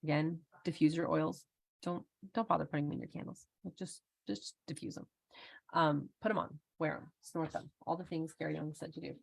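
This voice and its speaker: A woman's voice: low-pitched, fairly even intonation, a little fast, creaky, breathy edge. A middle-aged woman hosting an online workshop in a casual, chatty way, laughing often and using lots of fillers. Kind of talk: casual live presentation.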